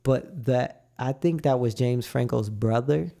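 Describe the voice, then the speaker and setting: A young man on a podcast, talking slowly in a gravelly, dark voice. He tells his story in a relaxed, drawn-out way and slips into quoted lines as he goes. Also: medium pitch. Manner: laid-back, drawn-out storytelling with acted-out quotes. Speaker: podcast co-host. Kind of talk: casual chat.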